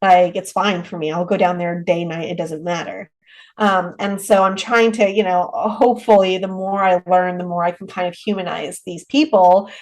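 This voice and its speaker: A woman's voice: lowish voice, steady tone, moderate pace, poor audio. Rambling woman chatting as a podcast guest. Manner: rambling, with many restarts and trailing clauses. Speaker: haunted rental owner, podcast guest. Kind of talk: casual interview chat.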